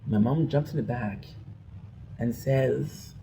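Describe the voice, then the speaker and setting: A man's voice: mid-range voice, takes it slowly, mellow, slight background noise, rough recording. A man vlogging an emotional personal rant, rambling and frustrated, often restarting his sentences.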